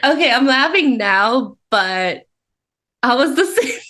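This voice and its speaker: Woman podcast co-host, easygoing casual chat, somewhat high voice. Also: slow pace. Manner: laughs often, relaxed and easygoing.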